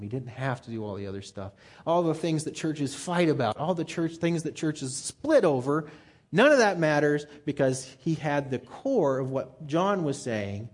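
Animated man preaching a casual sermon. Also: medium pitch, husky. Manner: conversational and animated, gets fired up. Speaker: pastor.

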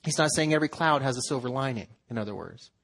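A man's voice: medium pitch, expressive, fast, gravelly, fairly bright tone. A man preaching a sermon in an earnest, conversational way, acting out quotes as he goes. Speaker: pastor.

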